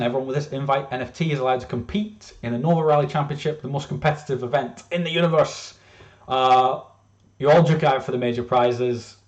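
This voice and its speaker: A man's voice: mid-range voice, lo-fi sound. A man presenting his own game casually, rambling with lots of fillers and restarts.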